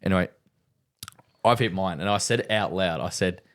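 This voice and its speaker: A man's voice: low voice, normal speed, fairly bright tone. A young man on a casual podcast, telling a rambling story and checking in with "right?" again and again. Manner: rambling storyteller, full of "right?" and "like", laughs hard at his own story. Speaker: podcast co-host. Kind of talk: casual chat.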